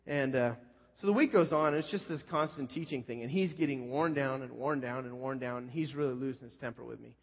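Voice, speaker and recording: A man's voice: medium pitch, fairly quick. Man preaching in a reverberant hall. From California Central Coast. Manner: conversational, self-deprecating anecdote with many fillers. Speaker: pastor. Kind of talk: sermon storytelling. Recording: muffled sound with long hall reverb.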